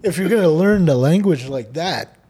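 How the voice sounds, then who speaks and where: A man co-hosting a casual podcast, talking in a relaxed way and often ending his sentences with "eh?", growing loud and laughing when he tells stories. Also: on the high side, normal speed. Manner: laid-back, ends phrases with "eh?", turns loud and laughing when telling stories. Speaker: podcast co-host teaching Odawa. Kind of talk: casual conversational chat.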